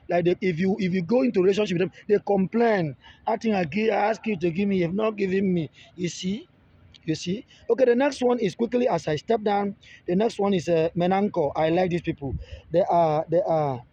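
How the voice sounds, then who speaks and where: A man talks through a loose teaching monologue, high-pitched yet dark and husky in tone. He circles back on his own words, restarting phrases as he goes. The audio is dull and lo-fi. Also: dry recording. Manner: repetitive, restarts phrases, pleads with viewers. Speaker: relationship video creator.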